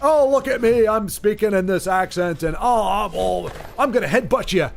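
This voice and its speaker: A man's voice: high voice, normal speed, vocal fry. A man voicing a goofy, joking male dwarf warrior in a mocking put-on accent.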